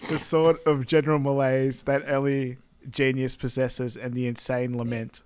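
A pompous, boastful evil mastermind tells of his strange upbringing in a dry, deadpan delivery, as a man quotes him on a podcast. The voice is smooth and clear, at an ordinary male pitch. It is a film villain brought to life by a fan at the mic. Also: moderate pace, lightly acted.

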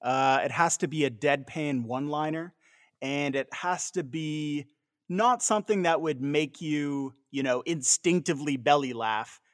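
A man's voice: on the high side, unhurried, no echo, studio quality. A man from Canada chatting casually as a podcast co-host, laughing easily and rambling a little. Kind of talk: casual chat.

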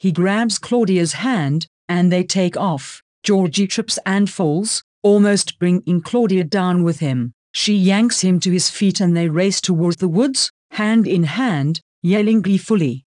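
An audiobook narrator reading prose in an even, measured way. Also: mid-range voice, dry recording, clean studio sound.

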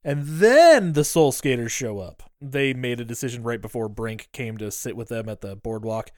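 A man co-hosting a podcast, retelling a film's plot in casual, animated chat and swearing freely. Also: mid-range voice, moderate pace, no room sound, studio quality. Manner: animated retelling with quoted voices, frequent swearing. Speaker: podcast co-host. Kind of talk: casual movie recap chat.

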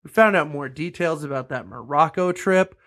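A man's voice: fairly high pitch, expressive, normal speed, fairly bright tone. A man co-hosting a podcast, giving blunt, wry takes on the news in casual banter. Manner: blunt, wry, laughs often. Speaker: podcast co-host.

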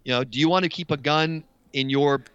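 A man with an American accent arguing his side in a studio debate, sarcastic and animated. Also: a little high, brisk, clear, resonant tone, dry recording, lo-fi sound. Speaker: studio guest.

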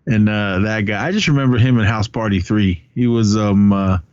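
A man co-hosting a podcast in casual movie chat, retelling scenes with lively put-on voices and frequent laughs. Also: fairly low pitch, moderate pace, smooth, no echo, lo-fi sound. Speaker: podcast co-host.

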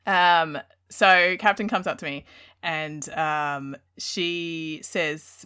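A woman's voice: sits low, fairly even intonation, very slow, bright, forceful tone, clean tone. A woman, hosting a casual podcast and telling stories with frequent giggles. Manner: chatty, giggly, storytelling. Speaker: podcast host.

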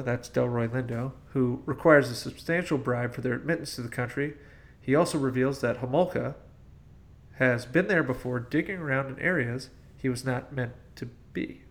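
Brief: wry male podcast host walking through the plot, gravelly edge. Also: medium pitch. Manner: wry, leads the plot summary. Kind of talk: casual movie-review chat.

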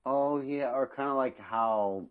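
A man's voice: medium pitch, slow pace, clear, resonant tone, dry recording, phone-quality sound. A man co-hosting a podcast in a casual chat, laid-back and crude, laughing easily. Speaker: podcast co-host.

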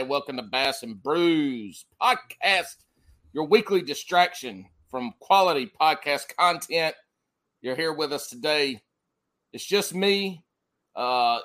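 A man's voice: a little high, a bit bright. A man with a Southern US accent hosting a podcast in loose, joking casual chat, swearing freely. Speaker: podcast host.

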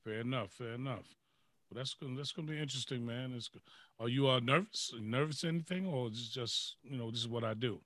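A man's voice: medium pitch, fast talker, a bit bright, dry recording. A man hosting a casual talk show, upbeat and encouraging as he asks his guests questions. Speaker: show host. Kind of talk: casual radio show chat.

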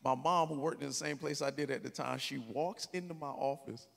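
A man preaching a sermon as a story, swinging from quiet talk to shouted peaks. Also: medium pitch, brisk, gravelly. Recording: long hall reverb.

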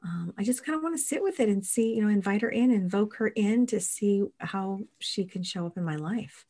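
A woman's voice: medium pitch, animated, a little fast, dark tone. A woman co-hosting a podcast, talking enthusiastically and effusively about spirituality. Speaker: podcast co-host. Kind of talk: casual spiritual chat.

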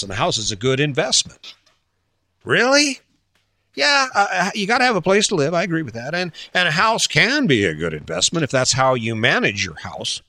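Blunt, brightly voiced male motivational speaker. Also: a little high, no room sound. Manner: blunt, rhetorical questions, mild swearing; mocking quoted voices. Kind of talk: casual motivational talk.

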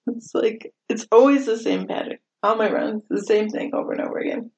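A woman's voice: a little high, fairly even intonation, a little fast, darkish tone. Chatty self-deprecating woman podcaster. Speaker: podcast host. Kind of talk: casual podcast monologue. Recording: slightly dull lo-fi audio.

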